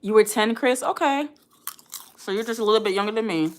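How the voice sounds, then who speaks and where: A woman's voice: mid-range voice, a little fast. A woman around forty hosting a casual live stream, chatting and reading viewer comments aloud. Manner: chatty, addresses the chat directly, reads comments aloud.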